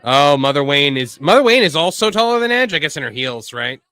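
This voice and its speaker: A man's voice: a little high, sing-song, fairly quick, pushed and bright, smooth, no echo. A man hosting a live watch-along, calling the action in a sarcastic, blunt manner and swearing freely. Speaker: host.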